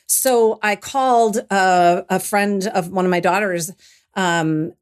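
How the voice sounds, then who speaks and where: A middle-aged woman guesting on an interview show tells a personal story, starting reflectively and growing animated as she retells it, often restarting sentences. Her medium-pitched voice is slow, clear and resonant.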